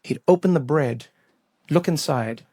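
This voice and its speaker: A man performing stand-up comedy on a live stage, telling a story in an animated way with sudden loud bursts. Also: on the high side, a little slow, dry recording, studio quality.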